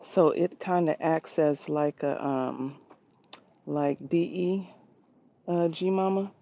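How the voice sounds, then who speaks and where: A woman's voice: sits low, slow pace, creaky, warm tone. A woman hosting a casual livestream walkthrough of her backyard garden, chatting with viewers and greeting them by name, recorded outdoors on a handheld phone. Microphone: phone held while walking. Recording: slightly dull phone audio.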